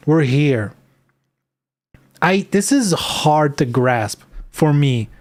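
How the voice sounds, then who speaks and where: A man's voice: a little high, animated, slow pace, long pauses, a little mellow. Sarcastic ranting male streamer. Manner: sarcastic, exasperated ranting with frequent swearing. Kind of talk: live stream commentary.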